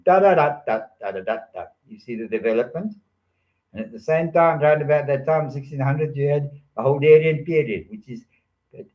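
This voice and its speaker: A man's voice: mid-range voice, a little mellow, muffled recording. An older man telling rambling stories in a playful monologue, joking and drifting from one topic to the next. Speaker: storyteller.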